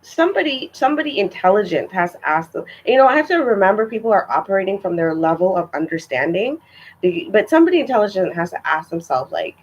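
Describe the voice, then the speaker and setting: A woman's voice: medium pitch, big pitch swings, fast talker, breathy edge, poor audio. A young woman telling a story in a casual vlog, chatty and exasperated, with lots of filler words. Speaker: vlogger.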